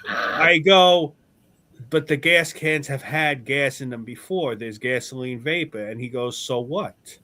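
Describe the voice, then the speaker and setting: A man hosting a podcast in casual chat, telling an animated story with swearing, then arguing his point earnestly. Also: medium pitch, a little slow, a little hiss or hum. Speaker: podcast host.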